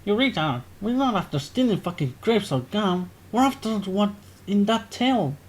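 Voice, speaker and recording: A man's voice: high voice, expressive, normal speed, pitched above the performer's own voice. A man voicing a cocky young male gang leader in a put-on English accent, swearing scornfully.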